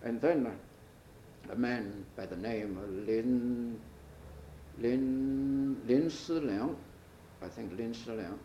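An older man, a retired professor whose first language is Chinese, recalls his past in an oral history interview, speaking haltingly with many hesitations and restarts and switching into Chinese. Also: mid-range voice. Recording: roomy, dull archival tape with faint hiss.

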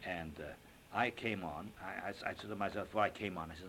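An older man and stage actor, recounting an anecdote in an interview as an animated storyteller who acts out quotes with frequent fillers. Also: low voice, brisk, a little hiss or hum.

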